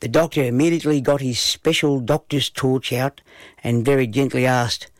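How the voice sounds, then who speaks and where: A man telling a children's story in an unhurried storytelling manner. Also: mid-range voice, steady tone, dry recording.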